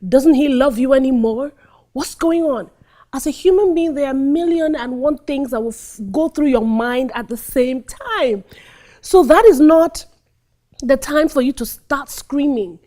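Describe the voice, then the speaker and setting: A woman acting coach talking through a scene, acting out lines and dropping to hushed tones. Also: sits high. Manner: animated, acts out scenes, drops to hushed tones. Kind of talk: teaching monologue with acted examples.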